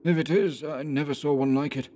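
A man voicing a tense, blunt male gold prospector in an audiobook reading, with sharp, alarmed outbursts. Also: fairly high pitch, steady tone, a little fast, slight background noise, voice pushed up, lightly acted. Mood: uneasy.

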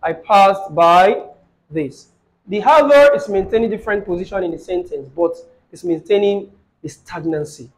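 A man teaching an Arabic grammar lesson online, quizzing his student and repeating phrases slowly. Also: sits high, darkish tone, low-quality recording.

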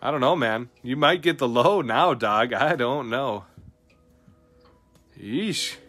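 A young man commentates card pack openings in a loud, excited, slangy rush, now and then jumping way up in pitch. His voice is bright and forceful. Faint music plays behind him. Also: slow. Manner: animated, slangy, hyped.

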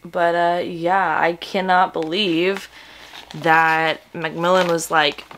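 A woman in her twenties chatting in a casual book vlog at home, gushing and excitable, breaking into gasps and breathy whispers. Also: fairly low pitch, slow pace, a little hiss or hum. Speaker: book vlogger.

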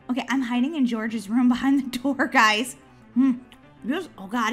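A woman hosting a gaming channel, giving excitable let's-play commentary, giggling and shrieking when chased. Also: on the high side, measured pace, soft background music.

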